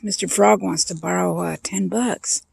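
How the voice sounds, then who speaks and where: A no-nonsense bank teller answers in quick, businesslike phrases, as a woman storyteller plays her. There is a gravelly, husky edge to her voice. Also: lowish voice, steady tone, a little mellow, dry recording, heavily acted. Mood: explaining.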